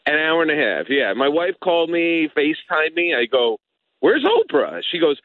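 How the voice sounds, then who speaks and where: A man's voice: a little high, no echo. Nervous male caller on a tinny phone line. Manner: nervous, halting. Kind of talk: phone-in chat.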